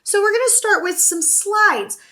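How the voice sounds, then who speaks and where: A young woman teaching a singing lesson, talking through warm-ups and singing vocal exercises, often checking in with "okay?". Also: extremely high pitch, animated, moderate pace. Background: piano accompaniment.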